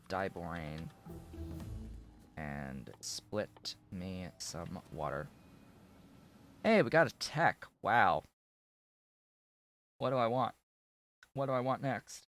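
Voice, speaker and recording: Low, slow man losing his voice. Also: a little hiss or hum. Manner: mumbling to himself while building. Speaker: game streamer. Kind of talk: casual gameplay commentary.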